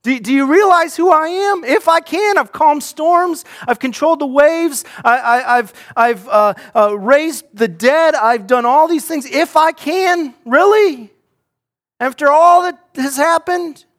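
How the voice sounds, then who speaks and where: A preacher voicing an incredulous man, high and loud. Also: measured pace. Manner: emphatic, stammering, rising toward a shout. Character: indignant man astonished at being doubted.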